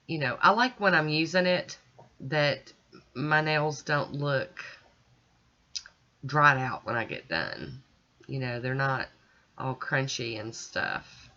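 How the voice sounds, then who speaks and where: Chatty woman with a bright, lo-fi voice. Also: sits low. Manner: chatty, folksy, talks to viewers while working. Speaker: nail art vlogger. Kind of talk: casual tutorial voice-over. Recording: dull lo-fi recording.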